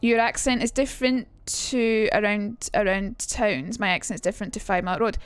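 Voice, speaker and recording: A woman's voice: medium pitch, steady tone, moderate pace, clear, resonant tone, no echo. A young woman with a Glaswegian Scottish accent, streaming a casual lesson, chatty and sweary and reading out her chat. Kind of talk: casual live-stream teaching.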